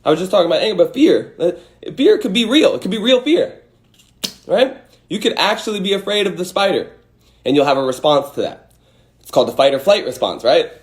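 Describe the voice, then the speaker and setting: A man's voice: high-pitched, sing-song, brisk. A man hosting a livestream, giving a casual motivational talk and acting out angry and scared voices with some swearing. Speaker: host.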